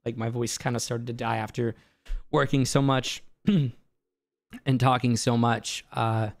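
A hoarse man, a voice actor, telling stories excitedly and laughing easily in a casual streaming chat. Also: medium pitch, no echo. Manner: excitable storyteller, quick to laugh. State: hoarse from an inflamed larynx.

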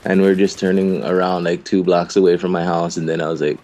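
Deep-voiced young man telling rambling stories. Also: little pitch movement, brisk, dark tone, a little hiss or hum. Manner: rambling, laughing, profane storyteller. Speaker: interviewed clan member. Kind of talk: casual storytelling chat.

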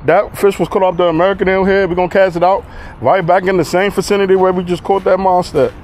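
Brief: high-pitched man, breathless, excitable outdoor vlogger, faint noise behind. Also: quick pace. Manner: excitable, shouting exclamations, talks to viewers as "y'all" and "guys". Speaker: fishing vlogger. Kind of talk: excited outdoor vlog commentary. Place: outdoors on a riverbank.

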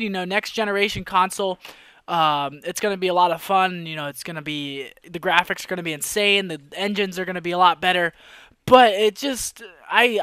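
A young man giving live gameplay commentary, excitable, swinging from mumbled asides to frustrated yelling. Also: sits high, smooth, no echo, clean studio sound. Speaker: gaming commentator. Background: gunfire from the game.

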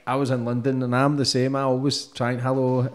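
A male podcast host talks quickly and casually, reacting bluntly and swearing freely. His voice sits at a middle pitch and moves along at a brisk pace. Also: flat delivery. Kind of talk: casual chat.

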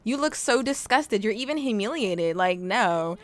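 Lively young woman chatting over gameplay. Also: medium pitch, measured pace. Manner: chatty, teasing, laughs often at the game. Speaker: let's play host. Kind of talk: casual gameplay commentary.

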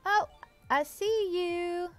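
A woman's voice: very high voice, drawn-out words, fairly bright tone, faint music behind. A young adult woman chatting casually with viewers on a live stream, bubbly and giggly, thanking them effusively. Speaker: livestreamer.

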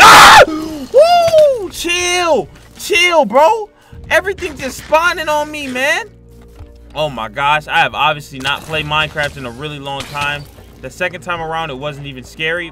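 Jumpy young man yelling through a horror game. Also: a little high. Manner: jumpy, yelps and screams at scares, slangy. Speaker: gaming YouTuber. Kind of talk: Minecraft horror let's play commentary.

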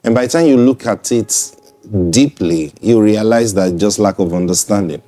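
A man's voice: fairly low pitch, normal speed, mellow, soft background music. A man preaching in a broadcast sermon. He speaks conversationally, repeats himself and checks in with listeners.

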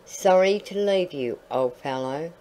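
A woman voicing a gaunt yellow male hound who is devoted to a child. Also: sits low, animated, unhurried, poor audio. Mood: earnest.

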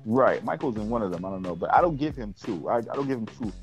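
Casual, opinionated New man, animated delivery. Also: fairly low pitch, fast talker, soft background music. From New York. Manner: blunt, opinionated, animated ranting. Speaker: podcast co-host. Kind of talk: casual chat.

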